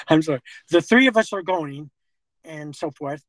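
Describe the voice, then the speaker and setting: A middle-aged man talking in a halting, rambling way with nervous laughter. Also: a little high, lively intonation, no echo, low-quality recording. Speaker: confronted man. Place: parked car outside a fast-food restaurant.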